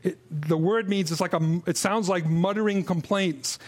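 High-voiced man preaching earnestly. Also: moderate pace. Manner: earnest, repeats words, frequent restarts and fillers; drops low and quiet when mimicking grumbling. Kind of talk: expository sermon.

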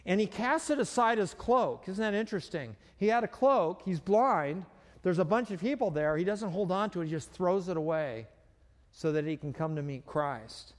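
A man's voice: high-pitched, lively intonation, normal speed. A man preaching a sermon as pastor, talking in a conversational way with frequent fillers and restarts. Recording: long reverb of a hall.

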